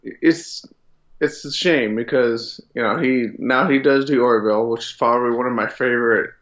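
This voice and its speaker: A man's voice: medium pitch, normal speed, fairly bright tone. A man co-hosting a casual podcast, laid-back, chiming in with short agreeing remarks. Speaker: podcast co-host. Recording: dull, lo-fi sound.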